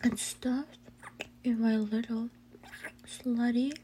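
A woman's voice: fairly high pitch, steady tone, slow pace, a little hiss or hum. A woman playing a teasing girlfriend in whispered role-play. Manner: breathy whispers with soft hums and giggles. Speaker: audio role-play performer.

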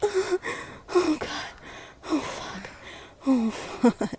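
A sultry, commanding lover with a mellow, dark tone, voiced by a woman. She speaks slowly and breathily, slipping into whispers as she coaxes and directs in an intimate audio role-play. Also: sits high, sing-song, slight background noise, exaggerated voice. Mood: heated. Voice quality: breathy, often whispered, moaning. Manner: slow, coaxing and directive.

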